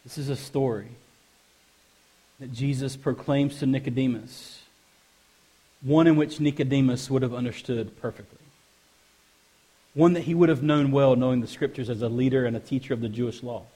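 A pastor preaching in a church service reads scripture in a husky voice, keeping a steady tone and moderate pace with long pauses. He shifts from soft, low asides to loud, emphatic passages and repeats phrases for emphasis.

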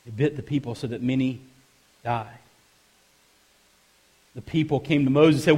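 Guy preaching in church, pretty high voice, goes quiet then builds up loud, repeats lines for emphasis. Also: a little fast, long pauses. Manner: swings from soft, low asides to loud, rising emphatic passages. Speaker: pastor. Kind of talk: sermon with scripture reading.

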